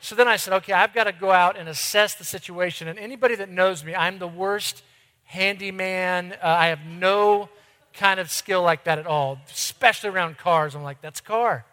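A middle-aged man with a high, bright voice tells a story from the pulpit, talking in a loose, conversational way and poking fun at himself. His voice rings out with a long reverb tail from a large church hall. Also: normal speed. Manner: conversational, self-deprecating storyteller. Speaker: church ministry director. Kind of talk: sermon storytelling.

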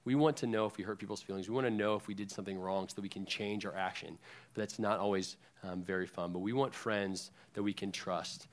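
Young male youth pastor, relaxed sermon to kids, chatty and unpolished. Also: on the low side, fast. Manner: conversational, frequent ums, lively retellings of scripture.

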